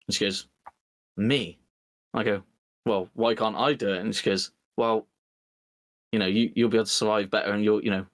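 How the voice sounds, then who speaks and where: A man co-hosting a podcast, telling an animated story and acting out both sides of an argument with his partner. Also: lowish voice, dry recording. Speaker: podcast co-host. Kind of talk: casual chat.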